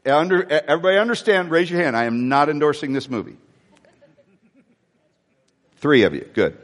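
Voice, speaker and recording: Animated storytelling preacher man in a reverberant hall. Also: on the high side, normal speed. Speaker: pastor. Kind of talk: sermon.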